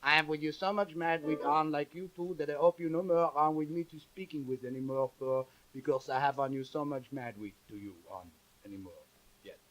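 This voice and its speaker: A man voicing a loud, brassy French woman who hollers in broken English with a mock French accent, with piano music under him. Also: on the high side, fairly quick, natural voice, rough recording. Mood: furious.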